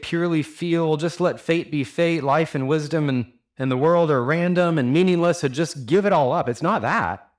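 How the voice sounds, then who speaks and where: With a fairly high-pitched voice, a male pastor gives an earnest, conversational sermon full of rhetorical questions and casual fillers.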